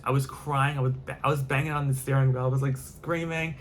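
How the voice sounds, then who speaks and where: A man recounting a storytime vlog in a loose, rambling way, piling up fillers and repeating himself, with casual swearing along the way. His pitch sits in an ordinary middle range, and a faint noise runs underneath. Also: steady tone, brisk, hardly any pauses. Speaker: vlogger.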